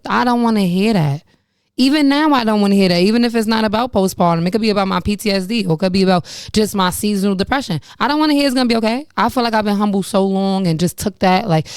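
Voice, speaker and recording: A woman's voice: mid-range voice, animated, fast talker, darkish tone, smooth, dry recording, clean studio sound. A young woman hosting her own podcast, telling her personal story candidly and frankly, swearing and laughing about painful memories. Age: young adult. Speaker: podcast host.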